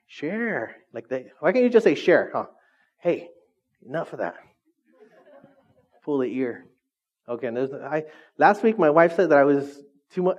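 Joking pastor, fairly high voice. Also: male voice, darkish tone, dull audio. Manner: conversational, joking, constantly quizzes the congregation. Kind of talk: sermon. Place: church, before a congregation.

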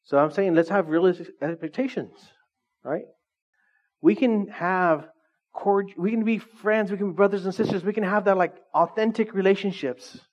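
A man with a fairly high voice gives a relaxed, chatty sermon in a small church. He jokes and talks straight to his congregation. The recording sounds dull and lo-fi. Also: moderate pace. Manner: joking, conversational, addresses the congregation directly. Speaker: pastor. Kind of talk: casual sermon.

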